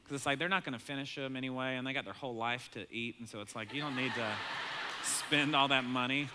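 A bright, forward-sounding male pastor in his thirties, preaching in a relaxed, conversational sermon style. He tells stories with animation, chuckling often and jumping into a high, excited voice to mimic his children. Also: a little fast, a little hiss or hum. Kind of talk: sermon with storytelling.

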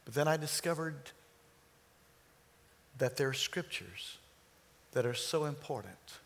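A man in his sixties preaching, telling stories and slowing down on key phrases. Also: medium pitch, animated, vocal fry. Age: 60s. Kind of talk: sermon storytelling.

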